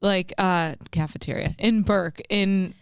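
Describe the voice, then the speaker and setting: A woman's voice: fairly low pitch, measured pace, clear, resonant tone, dry recording, clean studio sound. Chatty young woman who laughs a lot. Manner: chatty, laughs often, teasing. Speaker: podcast co-host. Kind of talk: casual chat.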